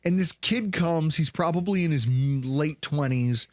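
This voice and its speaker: A man in his late twenties or thirties co-hosting a sports recap show, telling game stories with lively acted-out quotes. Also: fairly high pitch, a little slow, no echo, studio quality. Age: late 20s or 30s. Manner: animated storyteller, acts out quotes loudly. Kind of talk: casual sports talk.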